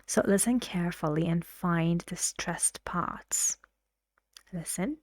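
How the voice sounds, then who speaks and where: A woman's voice: lowish voice, slow pace, a little mellow, no echo, studio quality. A woman teaching English pronunciation, patiently giving instructions and drilling syllables aloud. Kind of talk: slow, careful classroom instruction.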